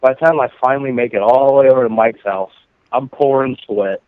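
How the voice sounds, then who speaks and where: A man's voice: mid-range voice, a little fast, no room sound. Profane man telling a story. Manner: rambling, profane, laughs at his own story. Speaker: podcast co-host. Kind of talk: casual storytelling. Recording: dry, phone-like narrow sound.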